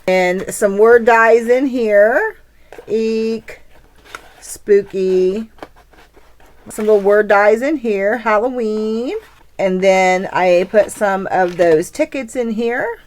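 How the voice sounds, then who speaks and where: A woman's voice: medium pitch, slow pace. A woman hosting her craft channel, chatting casually and gushing over the crafts and gifts she shows. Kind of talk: casual craft show-and-tell.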